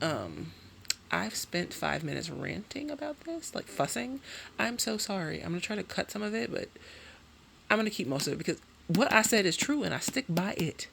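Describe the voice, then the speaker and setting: Thirties woman vlogging casually about her makeup stash, chatty and ranty, voice jumps all over, bit of gravel in it. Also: sits low, slight background noise. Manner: chatty, animated and ranting, peppered with "okay?". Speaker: beauty vlogger. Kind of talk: casual chat.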